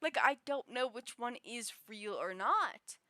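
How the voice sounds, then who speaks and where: High, bright-voiced giggly young woman. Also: expressive, measured pace, dry recording, clean studio sound. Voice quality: high, girlish voice others have called annoying. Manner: rambling and giggly, with frequent restarts and fillers. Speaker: streamer. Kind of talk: casual chat with viewers.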